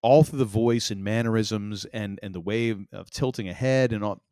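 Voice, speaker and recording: An older man co-hosting a podcast, telling stories in a rambling, animated way with many restarts. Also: lowish voice, moderate pace, no room sound, clean studio sound. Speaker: podcast co-host. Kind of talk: casual chat.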